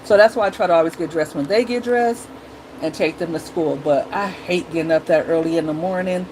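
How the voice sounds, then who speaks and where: A woman's voice: on the low side, fairly quick, a little mellow, a little hiss or hum, poor audio. A middle-aged woman talking casually to her viewers as a mom vlogger, chatty and blunt, acting out her kids and herself.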